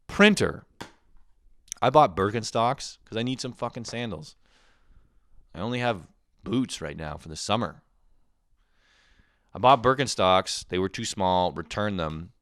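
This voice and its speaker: A man's voice: on the low side, expressive, a little slow, pauses often, a bit bright, no room sound, clean studio sound. A young man ranting casually and sarcastically as a comedy host, rambling and swearing often.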